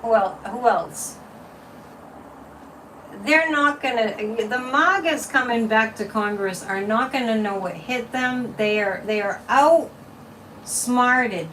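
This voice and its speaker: Woman, casual livestream host, higher voice, chatty and teasing; distant mic. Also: slow, a bit bright, slight background noise. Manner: chatty, repetitive, mocking, with frequent laughs.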